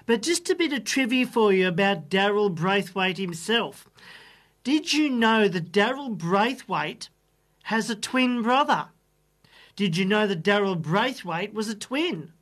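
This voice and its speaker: A woman hosting a radio oldies show, chatting unhurriedly and musing aloud over music trivia. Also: mid-range voice. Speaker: radio host. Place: radio studio.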